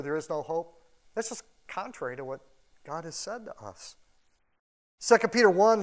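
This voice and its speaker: A pastor giving a casual, animated sermon in a church, acting out quoted voices as he goes. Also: a little high. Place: church building.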